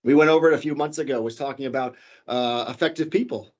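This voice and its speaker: A man leading a workplace training session, talking casually and animatedly, shifting his pitch and volume for emphasis. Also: quick pace, muffled recording. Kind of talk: corporate training talk. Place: office.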